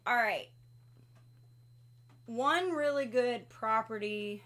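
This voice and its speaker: Woman host, lively storyteller with a slightly high voice, casual livestream class. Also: slow. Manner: animated storyteller who laughs often. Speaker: host teaching an essential oils class.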